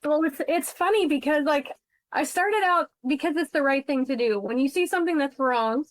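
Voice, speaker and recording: A woman's voice: sits high, moderate pace, no room sound, poor audio. A woman guest who investigates insurance fraud, telling her story bluntly and emotionally on a podcast interview. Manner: blunt, emotional, swears freely.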